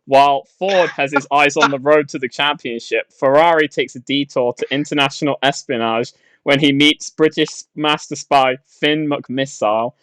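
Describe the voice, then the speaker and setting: A man's voice: on the high side, normal speed, smooth, no room sound. A young man with a slightly raised voice, heard close and dry as he chats on a podcast. He reads a plot summary, teases his friends, and trips over his words between chuckles. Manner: chuckling, deadpan teasing, stumbles over words. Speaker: podcast co-host. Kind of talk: casual banter and reading a plot summary.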